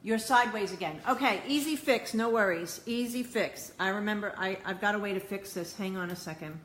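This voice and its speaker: A bright, clear-voiced woman live-streaming from her home kitchen, talking to herself and her viewers as she fiddles with her camera. She sounds flustered and mutters through a tablet mic, with faint room sound behind her. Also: mid-range voice, brisk, slight background noise. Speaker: cooking show host. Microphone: phone or tablet camera mic.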